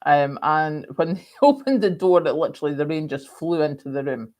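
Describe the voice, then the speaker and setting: A woman's voice: deep voice, brisk, darkish tone. A woman hosting a casual live stream, chatting rambly and reading out viewer comments with lots of ums. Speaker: livestream host.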